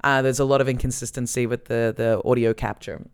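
A woman's voice: rumbling low, steady tone, fairly quick, a little mellow, clear, resonant tone. An Australian woman hosting a casual podcast chat with dry, teasing humor, speaking into a handheld microphone. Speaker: podcast host.

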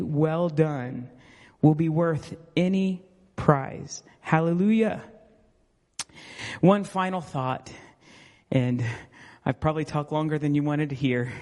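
Fervent preacher in a reverberant church. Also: male voice, fairly high pitch, a little mellow. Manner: fervent preaching with Amens and Hallelujahs, storytelling asides. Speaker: pastor. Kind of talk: sermon. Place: church sanctuary. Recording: long reverb of a church hall.

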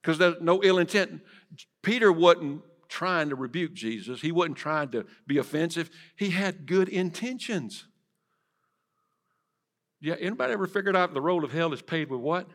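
A man preaching a sermon in church, swinging from loud to hushed and asking the congregation direct questions. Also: on the high side, lively intonation, moderate pace. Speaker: pastor. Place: church sanctuary.

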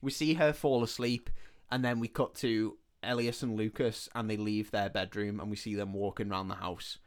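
A man's voice: lowish voice, steady tone, normal speed, clear, resonant tone. A man, a podcast host casually retelling a film's plot and acting out the characters' lines. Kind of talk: casual film recap chat.

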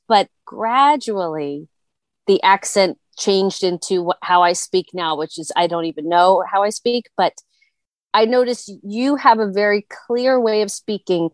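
A woman's voice: mid-range voice, dry recording. A woman from Long Island hosting a podcast interview, asking chatty questions and giving enthusiastic praise. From Long Island, New York. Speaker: podcast host.

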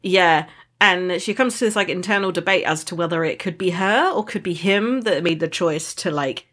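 A woman's voice: fairly low pitch, moderate pace, a bit bright. Giggly woman co-hosting a podcast. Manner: giggly, joking, laughs often. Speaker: podcast co-host. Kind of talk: casual book chat.

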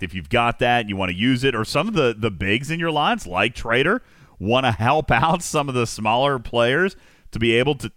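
Male host, casual gaming podcast, bright forceful tone, lively rambling delivery, dry close mic. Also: mid-range voice, no room sound. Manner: animated, teasing, rambling.

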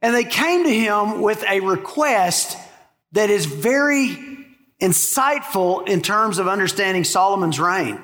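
A pastor preaching a sermon in a church, animated and full of rhetorical questions. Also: male voice, high voice, measured pace. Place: church sanctuary. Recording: long hall reverb.

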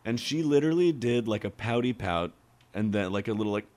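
A man with a very low voice talks casually over beers, spinning restaurant anecdotes. He acts out the people in his stories with lively impressions. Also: a little fast. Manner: animated storyteller, acts out customers. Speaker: podcast guest.

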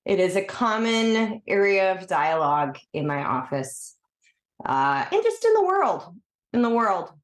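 A woman who is a doctor and podcast co-host, talking on a video call in a calm, amused way. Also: mid-range voice, unhurried. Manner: calm, amused, laughs often. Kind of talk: casual chat. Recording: roomy video call audio.

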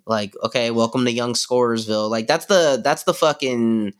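A man's voice: medium pitch, fairly even intonation, normal speed. A man co-hosting a sports podcast, talking loosely and profanely with lots of slang and fillers. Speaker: podcast co-host. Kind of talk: casual sports chat.

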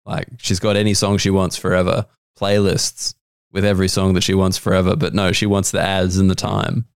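A man's voice: deep voice, completely flat delivery, a little fast, vocal fry, clean tone, no room sound, clean studio sound. A man guesting on a podcast, chatting playfully and easily. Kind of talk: casual chat.

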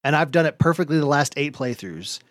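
Podcast guy, kinda high voice, dry close sound, gets worked up and laughs a lot telling stories. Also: brisk, no room sound. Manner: animated storytelling, laughs often, swears. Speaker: podcast host. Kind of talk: casual podcast chat.

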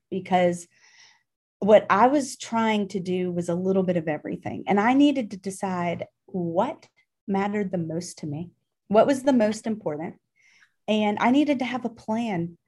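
With lively intonation and a darkish, medium-pitched voice, a middle-aged Pittsburgh woman speaks at a normal speed as an interview guest. She earnestly and emotionally recounts a personal experience, often saying "um" and starting over.

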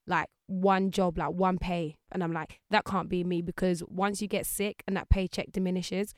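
A woman's voice: fairly low pitch, moderate pace, no room sound, clean studio sound. A woman, a guest chatting casually in an interview and acting out the people she quotes. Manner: lively, acts out voices of people she quotes.

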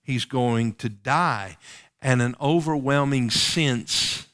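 A man's voice: mid-range voice, slow, a bit bright. A man preaching a sermon, reading King James scripture aloud and pressing the congregation with rhetorical questions.

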